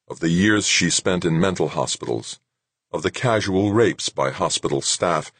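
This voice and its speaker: A man narrating a novel in a steady, measured way, his voice extremely low with a husky grain. The close mic gives a dry, dead sound with no room around it. It is audiobook narration from start to finish. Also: no echo. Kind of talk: scripted narration.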